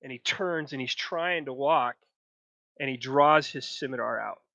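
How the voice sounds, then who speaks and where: A man narrating a tabletop game as game master, slow and descriptive. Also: mid-range voice, creaky, pushed and bright, no echo, highs cut off.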